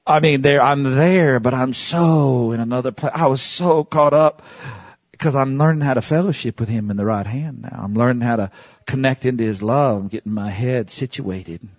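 A man preaching a sermon as pastor, swinging between hushed asides and shouts and calling on the congregation to repeat phrases. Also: mid-range voice, moderate pace, no echo.

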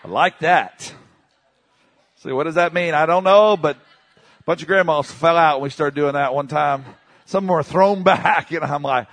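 A male pastor preaching a charismatic sermon, dropping to low murmurs and then shouting exclamations, and having the congregation repeat phrases after him. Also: unhurried.

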